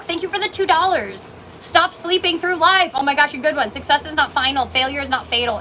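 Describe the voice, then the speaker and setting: Speaking in a high, sharp voice over a faint hiss or hum, a woman from Canada reads viewer comments on a livestream. She owns the small coffee shop she's broadcasting from indoors, and her manner is bubbly, gushing, and emotional.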